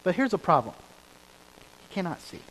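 A man preaching a sermon as pastor, building from quiet lines to emphatic ones and repeating key phrases. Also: high voice, very animated, moderate pace. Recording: hall reverb with faint rain hiss.

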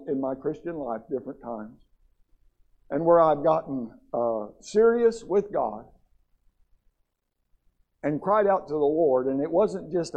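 A man's voice: on the high side, expressive, a little slow, pauses often, dull audio. A middle-aged man preaching a sermon in a church, impassioned, with stammered restarts as he builds. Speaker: pastor.

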